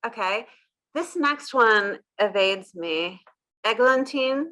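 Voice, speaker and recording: A woman's voice: on the high side, animated, slow, bright, forceful tone. A woman hosting a casual interview chat, upbeat, repeating words back and laughing at her own slips. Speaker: host.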